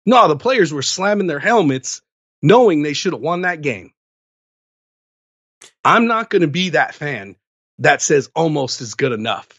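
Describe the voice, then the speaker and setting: A man's voice: on the high side, measured pace, long pauses, husky, no room sound, highs cut off. A man co-hosting a sports podcast in casual chat, telling stories and ranting with lots of energy. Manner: animated ranting storyteller. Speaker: podcast co-host.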